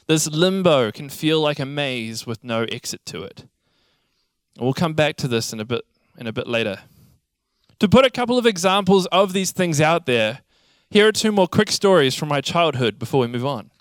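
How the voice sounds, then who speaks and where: A young man preaching a sermon, telling childhood stories in a lively, animated way. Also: a little high, clean tone, no room sound, clean studio sound. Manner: animated storytelling, acts out childhood scenes. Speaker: pastor.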